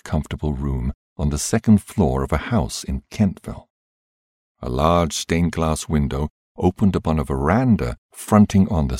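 A man reading a book aloud calmly as a podcast host, in scripted narration. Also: very deep voice, breathy edge, no room sound, clean studio sound.

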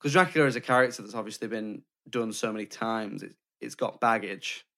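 A man's voice: fairly low pitch, fairly quick, pushed and bright. Man chatting casually about film. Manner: thoughtful, builds points in lists. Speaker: podcast co-host.

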